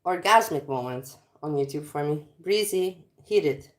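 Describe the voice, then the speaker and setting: A woman's voice: low voice, expressive, normal speed. A woman hosting a casual livestream, rambling and teasing her viewers with self-mocking jokes. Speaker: livestream host.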